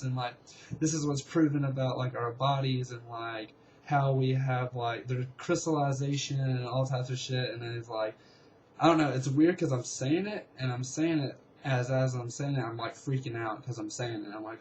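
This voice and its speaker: A young man casually telling a long story, rambling and excitable, with lots of fillers. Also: medium pitch, normal speed, highs cut off, a little hiss or hum. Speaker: vlogger.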